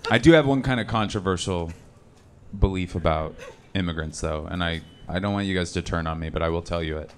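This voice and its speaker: Deadpan man on a club stage. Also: sits low, fairly quick, a little hiss or hum. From Seattle area. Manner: conversational, deadpan punchlines, shouts impressions of angry people. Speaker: stand-up comedian. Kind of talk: live stand-up set. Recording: live club recording with crowd laughter. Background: audience laughter.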